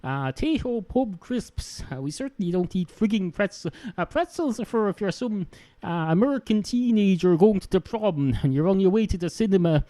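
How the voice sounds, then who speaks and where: Rambling Irish man, lively pitch. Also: brisk. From Ireland. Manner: rambling, full of "uh" fillers and mock rants. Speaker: podcast host. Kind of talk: rambling comic monologue. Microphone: handheld microphone.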